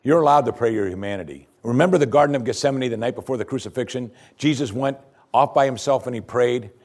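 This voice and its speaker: A man preaching a sermon, asking the listeners one question after another and dropping his voice low and soft at key points. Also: fast talker. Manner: emphatic preaching with rhetorical questions and sudden drops to quiet. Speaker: pastor.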